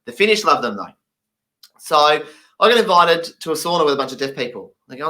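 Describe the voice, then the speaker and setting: A man voicing a deaf comedian's stand-up story, animated and acting out the people he quotes. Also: on the high side, a little fast, rough recording.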